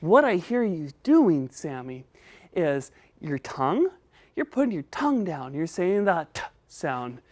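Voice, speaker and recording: A woman's voice: low voice, big pitch swings, a little slow, darkish tone. A woman teaching a children's speech lesson, patient and encouraging, coaching step by step.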